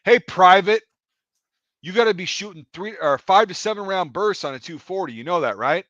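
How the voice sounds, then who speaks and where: A man's voice: high voice, lively intonation, moderate pace, fairly bright tone, dry recording, dull audio, pitched above the performer's own voice. A man imitating a nitpicking young male range safety soldier who lectures in a condescending tone.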